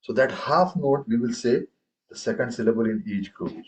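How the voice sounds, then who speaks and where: A male teacher leads a tabla lesson at a medium pitch, chanting rhythm syllables aloud. He stops often to quiz his students. The recording is dull and lo-fi. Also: lively intonation, normal speed. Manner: recites rhythm syllables aloud and quizzes the class. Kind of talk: classroom lesson.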